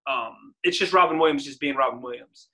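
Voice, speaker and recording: A man's voice: mid-range voice, a little fast. A man in his forties co-hosting a casual podcast chat, talking easily and laughing often. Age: 40s. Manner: chatty, laughs easily, animated retelling. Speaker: podcast co-host.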